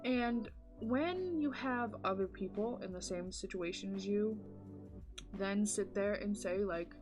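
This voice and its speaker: A woman's voice: mid-range voice, measured pace, over music. A woman vlogger telling a spooky story in casual chat while doing her makeup, full of "like" fillers and dramatic retelling.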